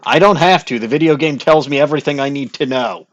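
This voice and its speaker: A man hosting a comedic game playthrough voice-over, sarcastic and deadpan as he reads and comments. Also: mid-range voice, quick pace, lo-fi sound. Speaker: host.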